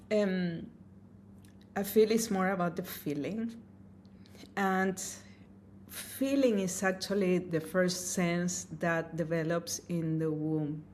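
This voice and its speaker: A woman sound healer talks slowly and gently, her voice sitting a little low. She speaks earnestly and with feeling, and a faint hiss sits under her voice. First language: Spanish. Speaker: sound healer and opera singer. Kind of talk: interview answers.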